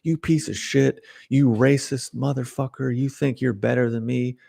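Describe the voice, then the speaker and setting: A furious, self-pitying scammer, as a man puts him on, spits insults in a raised, higher voice. He snarls and rages without pause. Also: fairly even intonation, creaky, warm tone, no echo, clean studio sound. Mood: enraged. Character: angry man, a scammer caught out and hurling abuse.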